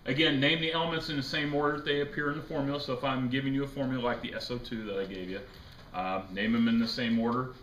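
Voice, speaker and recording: A man's voice: medium pitch, fairly even intonation, fast talker, fairly bright tone. A man teaching a chemistry class, lecturing casually, joking and quizzing his students. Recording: echoey classroom with faint noise.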